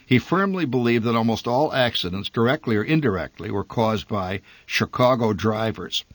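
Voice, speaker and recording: A man's voice: mid-range voice, lively intonation, normal speed, no room sound. A man narrating a humorous, nostalgic story in a wry storytelling manner.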